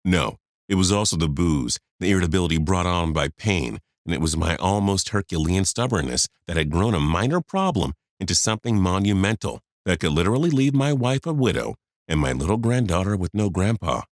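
A man's voice: sits low, expressive, brisk, dry recording, studio quality. A man in his fifties narrating a first-person story, confiding and talking straight to the listener.

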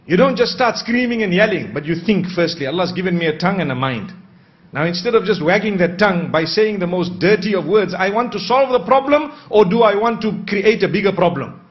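High-voiced male preacher, dull recording. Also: expressive. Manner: measured, asks rhetorical questions and answers them. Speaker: Islamic preacher. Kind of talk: sermon.

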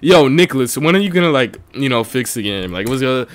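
A man streaming a video game and chatting with viewers, excitable and quick to yell, his voice a little strained from talking for so long. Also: medium pitch, slight background noise. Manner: excitable, breaks into yelling and laughing bursts. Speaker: streamer host. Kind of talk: casual gaming livestream commentary.

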